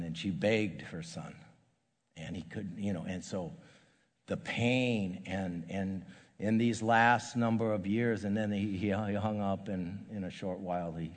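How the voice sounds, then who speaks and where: Older man preaching with halting, repeated words. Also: low voice, fairly even intonation, in a large hall. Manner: halting, repeats and restarts words, grows hushed and soft. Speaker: pastor. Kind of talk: sermon.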